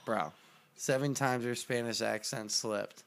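A man's voice: mid-range voice, measured pace, creaky, clear, resonant tone. A man co-hosting a casual podcast chat, telling stories with lots of swearing and mocking quoted voices. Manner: profane, animated storytelling with mocking quoted voices. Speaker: podcast co-host.

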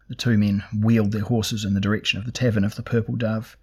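A man narrating a fantasy novel in a measured, even storytelling manner. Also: on the low side, breathy edge. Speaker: audiobook narrator.

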